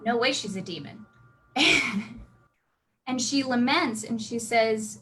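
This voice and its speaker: On a low-quality recording, a woman with a slightly high voice casually tells her role-play character's backstory. She speaks slowly with long pauses, chatting away and restarting often.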